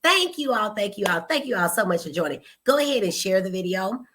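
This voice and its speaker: A woman's voice: mid-range voice, big pitch swings, brisk, fairly bright tone. A woman hosting a casual live stream, chatty and playful, greeting viewers by name and calling them y'all and honey. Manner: greets viewers by name, teasing, laughs at herself. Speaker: host, psychiatrist and pediatrician.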